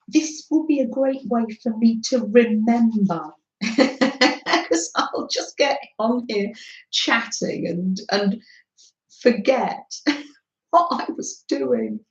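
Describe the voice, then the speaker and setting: Woman, middle-aged, leisurely unhurried speech, slightly high voice, roomy dull livestream sound. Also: darkish tone. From Britain. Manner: chatty, laughs often, greets viewers by name. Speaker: craft livestream host. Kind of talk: casual live crafting chat with viewers.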